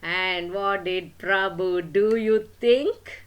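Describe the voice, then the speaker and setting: A woman's voice: medium pitch, slow pace, clear, resonant tone, highs cut off. An older woman telling a silly story to children, playful, asking her listeners questions and adding sound effects.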